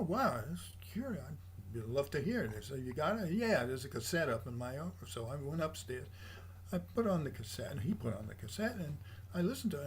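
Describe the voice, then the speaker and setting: Older male guest, storyteller, mimics quoted voices, faint noise behind. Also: mid-range voice. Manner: animated anecdotes, acts out quoted voices. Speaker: guest, jazz bassist. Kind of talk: casual storytelling interview.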